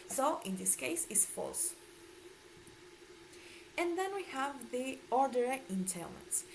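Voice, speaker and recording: A woman's voice: high voice, big pitch swings, a little slow, slight background noise, poor audio. Woman giving a class presentation. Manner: explanatory, with frequent hesitations. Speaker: student presenter.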